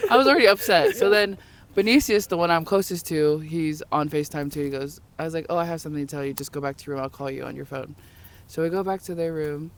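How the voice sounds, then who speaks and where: A woman's voice: sits low, quick pace, a crowd in the background. A young woman, a podcast guest, telling a funny story in casual chat, often laughing and acting out quoted voices. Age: young adult.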